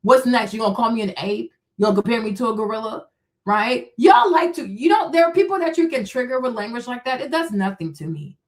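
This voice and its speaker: A woman with a high-pitched voice hosts a live stream, reacting to chat comments. She talks in a combative, mocking tone, throwing rhetorical questions and answering them herself. Her speech is heavy with profanity and scorn. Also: fast. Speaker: streamer host.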